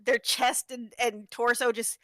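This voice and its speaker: A woman's voice: a little high, level tone, measured pace, a bit bright, no echo, clean studio sound. A woman guest chatting playfully in a casual after-show. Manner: playful, gleeful about gore. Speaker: guest cast member. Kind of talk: casual chat.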